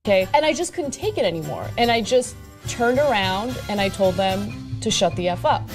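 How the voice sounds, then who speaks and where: A woman's voice: mid-range voice, big pitch swings, moderate pace, soft background music. A woman commentator telling an earnest, indignant personal story in a played clip.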